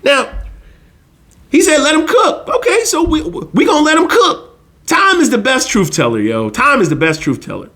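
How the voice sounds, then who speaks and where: High, lively-voiced man ranting on finance. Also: normal speed. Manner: blunt, slangy, preachy. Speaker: finance channel host. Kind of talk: casual monologue.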